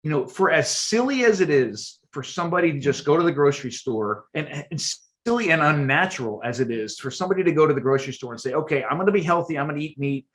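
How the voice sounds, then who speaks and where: A man, a guest archaeologist and chef, explaining things at length in a podcast interview, emphatic and animated and often repeating words as he goes. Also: a little high, fast talker, few pauses.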